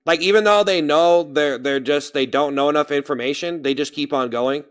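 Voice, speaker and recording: A young man chatting casually on his live stream, rambling as he thinks out loud. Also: a little high, moderate pace, clear, resonant tone. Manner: rambling, thinks aloud about his own speaking voice. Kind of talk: casual livestream chat.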